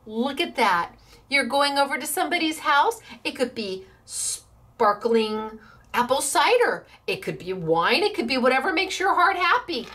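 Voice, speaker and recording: A woman's voice: high-pitched, big pitch swings, unhurried, pushed and bright. A woman hosting a craft shop demo, chatting in a bubbly, gushing way and laughing often as she shows products. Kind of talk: live product demo chat.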